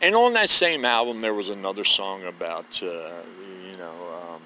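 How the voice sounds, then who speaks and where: Fifty-something guy ranting to his camera, cusses a lot, wanders off topic, bright edgy voice, bit of hiss behind. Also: low-pitched, animated, normal speed, poor audio. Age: 50s. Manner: profane, digressive, folksy. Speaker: vlogger. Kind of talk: rambling monologue to camera.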